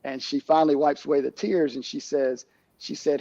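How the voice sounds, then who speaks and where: A middle-aged man, a camp director, telling stories in a casual interview, halting with many restarts and fillers. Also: a little high, flat delivery, mellow, no room sound, muffled recording.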